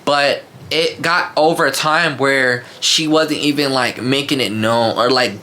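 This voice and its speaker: A man telling a casual storytime vlog, animated and slangy, with lots of fillers and asides to his viewers. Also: mid-range voice, measured pace.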